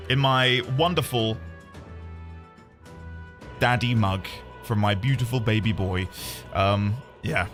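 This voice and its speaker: A man's voice: fairly low pitch, slow, pauses often, fairly bright tone, faint music behind. A man in his thirties, streaming a game and chatting casually with his viewers in a rambling, self-deprecating way. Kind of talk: casual live-stream chat.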